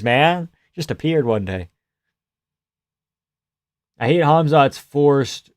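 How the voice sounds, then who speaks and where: A man giving casual live reaction commentary on a fight, joking, swearing and laughing often, and breaking into loud reactions at big shots. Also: medium pitch, animated, unhurried, long pauses, dry recording, studio quality.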